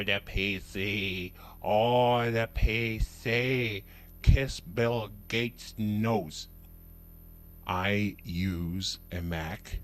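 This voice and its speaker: A man hosting a puppet comedy vlog, talking in a rambling, chatty way full of hesitant fillers. His voice sits fairly low for a man. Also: a little hiss or hum. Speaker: puppet show host. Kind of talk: comic vlog monologue.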